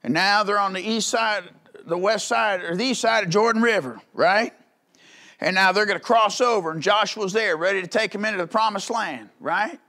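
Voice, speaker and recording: A man preaching a sermon in a church, with folksy, conversational delivery full of rhetorical questions, building to loud calls. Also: high-pitched, normal speed. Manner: rises to loud calls in the climaxes. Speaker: pastor.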